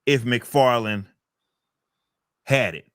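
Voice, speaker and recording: A man's voice: mid-range voice, drawn-out words, fairly bright tone, clean tone, no room sound, clean studio sound. A man chatting on a podcast, ranting and swearing, often repeating words as he thinks. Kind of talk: casual podcast chat.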